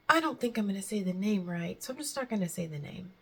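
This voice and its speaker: A woman's voice: mid-range voice, lively intonation, quick pace, hardly any pauses, heavy background noise. A woman talking to camera in a casual faith vlog, earnest and heartfelt, chatty and rambling between thoughts. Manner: earnest and heartfelt, close to tears at times. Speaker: faith vlogger.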